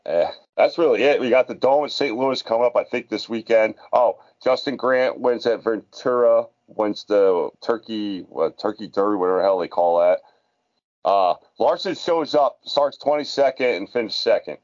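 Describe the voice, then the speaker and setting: Brief: male co-host, lowish voice, offhand wisecracks, muffled lo-fi audio. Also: normal speed, darkish tone. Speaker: podcast co-host. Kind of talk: casual racing podcast chat.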